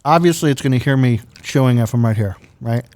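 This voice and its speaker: A man's voice: medium pitch, fast, darkish tone. A man co-hosting a podcast in a casual chat, rambling with lots of fillers into a studio microphone. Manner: chatty, rambling, filler-heavy. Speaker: podcast co-host. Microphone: studio podcast mic with headphones.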